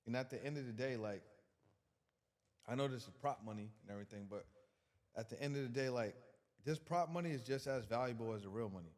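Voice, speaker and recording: A man's voice: mid-range voice, brisk, long pauses, a little mellow, big-room sound. A man guest on a podcast giving a casual motivational talk, emphatic and colloquial, repeating words as he builds his point.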